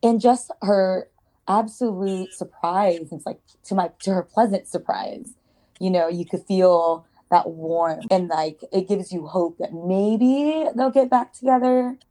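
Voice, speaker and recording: A woman co-hosting a podcast, chatting about a movie in a warm, reflective way. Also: mid-range voice, unhurried, low-quality recording. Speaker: podcast co-host. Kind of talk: casual chat.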